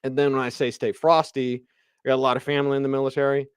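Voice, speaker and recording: A man hosting sports radio, ranting in an animated, emphatic way about football. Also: mid-range voice, fast, clear, resonant tone, dry recording, studio quality.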